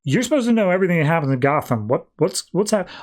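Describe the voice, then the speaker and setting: A sharp, skeptical woman reporter, scolding and incredulous, her voice lifted high, as a man puts her on. She fires off questions. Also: sing-song, fast. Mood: demanding.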